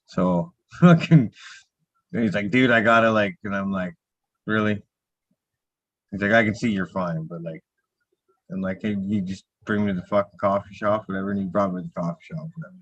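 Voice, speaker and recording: A low-voiced man tells a story in an easy, laughing way. His voice comes through dull and dry, like audio from a call. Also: moderate pace, long pauses, no room sound. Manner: laid-back, laughing storyteller. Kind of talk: casual livestream chat.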